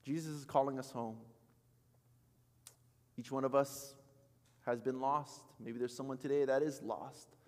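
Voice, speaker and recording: A man in his thirties preaching a sermon as pastor, telling a story with acted-out quotes and swinging between loud and soft. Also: medium pitch, steady tone, a little slow, long pauses, long reverb tail. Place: church sanctuary.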